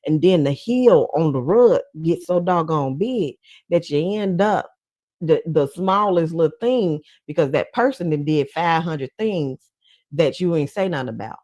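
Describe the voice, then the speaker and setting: A woman's voice: deep voice, lively intonation, measured pace, warm tone, no room sound. A woman giving casual commentary in a blunt, profane, chatty way, often breaking into laughs. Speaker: commentary vlogger.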